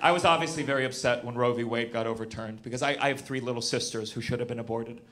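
A man in his thirties doing a stand-up comedy set, animated and shouting punchlines. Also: mid-range voice, quick pace. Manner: animated, shouts punchlines, acts out quoted voices. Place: comedy club stage with live audience. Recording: loud audience noise and laughter.

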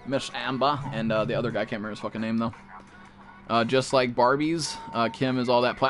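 A young man live-streaming a game, chatting to viewers in a loud, profane way and jumping into high yelps. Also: fairly even intonation, fast talker, faint music behind. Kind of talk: live-stream chat while gaming.

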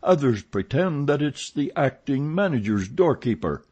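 A man reading a story, voicing a gruff, blunt male head groom with a dry, measured delivery. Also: medium pitch, sing-song, a little mellow, voice pushed up.

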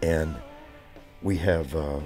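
A man's voice: very deep voice, steady tone, slow pace, over music. A man in his seventies talking in an interview, rambling with many fillers and restarts. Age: 70s. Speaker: drummer.

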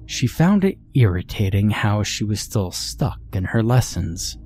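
A man narrating a horror story in a measured, steady storytelling manner. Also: on the low side, a little hiss or hum.

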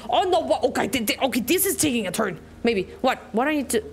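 Mulher que lê um jogo narrativo em voz alta. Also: female voice, high-pitched, big pitch swings, fast, few pauses, a little hiss or hum. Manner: reads all roles aloud in a plain voice. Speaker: game streamer. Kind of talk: reading and reacting to a narrative game.

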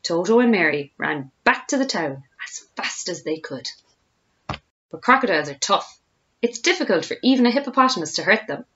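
A woman, a teacher, reading a children's storybook aloud with expressive storytelling. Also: fairly low pitch, dull audio.

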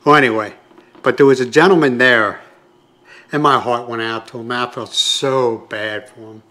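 A man's voice: mid-range voice, a bit bright. An older man from the United States, telling a long story to his vlog audience in a rambling, conversational way with many asides. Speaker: vlogger. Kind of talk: casual storytelling to camera.

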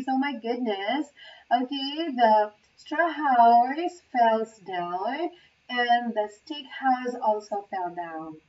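Seated well away from the microphone, a woman training to teach English reads a children's tale very slowly and deliberately, pausing for brief asides. Her voice is fairly high. The sound is muffled and dull, with slight background noise.

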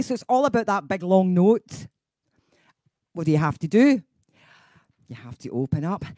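A woman's voice: mid-range voice, warm tone, no echo, clean studio sound. A middle-aged woman with a Scottish accent, a singing teacher hosting a casual live stream, chatty and laughing, going off on tangents.

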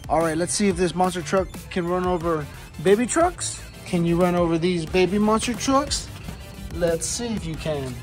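A parent filming a toy video, a woman with a lowish voice at a moderate pace plays with a toy monster truck for her child, sing-song and full of exaggerated exclamations. Loud music plays in the background.

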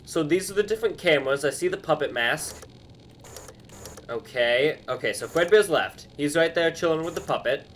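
A chatty young man records let's-play commentary in his bedroom, thinking aloud and easily startled. His voice sits a little high, with a faint hiss behind it. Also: expressive, normal speed, fairly bright tone. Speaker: YouTuber.

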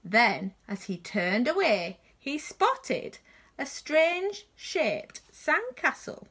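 A woman from a nursery reading a children's story aloud with slow, expressive delivery. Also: high voice.

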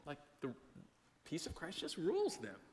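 A male pastor preaching in a casual, storytelling way, tossing questions to his congregation. His voice sits a little high for a man. The sound rings with a long church hall reverb. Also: normal speed. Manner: conversational, animated storytelling with audience questions. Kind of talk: sermon. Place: church sanctuary.

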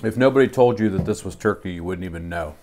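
Man, butcher co-host, teasing and relaxed, low voice, faint background noise. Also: fast. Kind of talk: casual tasting chat.

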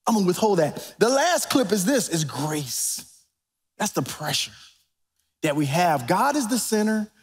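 A man preaching a sermon as pastor in a church, animated and preacherly, rising to near-shouts. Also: high voice, a little slow. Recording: reverberant church sanctuary.

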